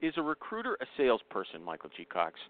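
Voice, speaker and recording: A man's voice: mid-range voice, wildly swooping pitch, fast talker, no echo. A man hosting a talk show who keeps pressing the others with challenging questions. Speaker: host. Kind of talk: heated debate on a call-in show. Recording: dry, tinny phone line.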